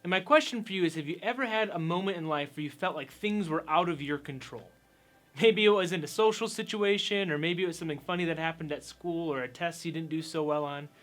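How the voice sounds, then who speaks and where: A man's voice: on the high side, fairly quick, fairly bright tone. A man giving an upbeat, conversational youth sermon as pastor, telling stories along the way.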